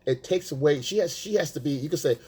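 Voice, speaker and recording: A man giving casual, profane dating advice, emphatic and blunt, acting out quotes in a high voice. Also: expressive, fast, a little mellow, slightly rough. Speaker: dating coach. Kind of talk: casual coaching monologue.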